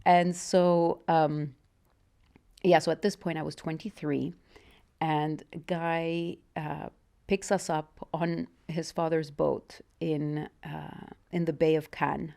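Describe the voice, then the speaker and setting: A woman's voice: low voice, level tone, slow, gravelly, warm tone. A woman in her forties with a Mexican accent, a guest in an interview, telling her life story candidly and reflectively, with frequent restarts. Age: 40s.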